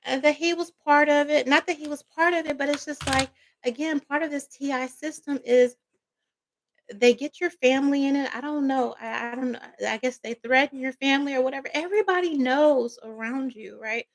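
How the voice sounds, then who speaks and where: A woman's voice: high voice, fairly quick. A woman vlogger telling a personal story in a casual storytime monologue, rambling, emphatic and swearing freely.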